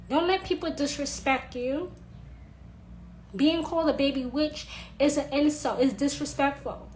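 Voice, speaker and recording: Insistent high-voiced woman, repeating herself. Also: slight background noise, low-quality recording. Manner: insistent, repeating phrases for emphasis. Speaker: witch sharing advice. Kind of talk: emphatic monologue to camera.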